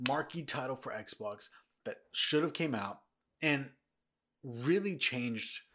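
A man's voice: medium pitch, fairly bright tone. A man hosting a casual podcast, talking in a rambling way with lots of restarts and repeats, tired and yawning. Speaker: podcast host. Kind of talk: casual news chat.

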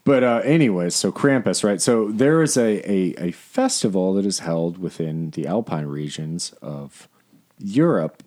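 A man's voice: low-pitched, expressive, a little slow, a little mellow. A man talking casually as a podcast co-host, rambling with lots of fillers, restarts and swearing. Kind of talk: casual chat.

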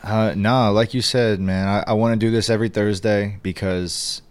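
A young man with a fairly low voice co-hosts a podcast. He speaks in easy, slangy casual chat and readily agrees with his partner. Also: fairly even intonation, normal speed, smooth, no echo. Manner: slangy, agreeable, says bro. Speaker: podcast co-host.

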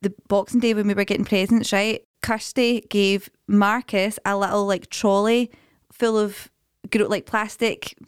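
Chatty woman, smooth and dry. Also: medium pitch, little pitch movement, measured pace, no echo. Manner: chatty storytelling, laughs often. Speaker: podcast co-host. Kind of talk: casual chat.

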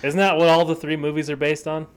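A man's voice: fairly high pitch, flat delivery, quick pace, clear, resonant tone. A man co-hosting a podcast in casual chat, joking and rambling through half-remembered stories. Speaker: podcast co-host.

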